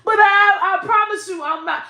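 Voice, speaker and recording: A woman talking casually to camera as a vlogger, blunt and profane, often saying "bro" and "y'all", swinging between soft and loud as her feelings run high. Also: fairly even intonation, moderate pace, echoey room.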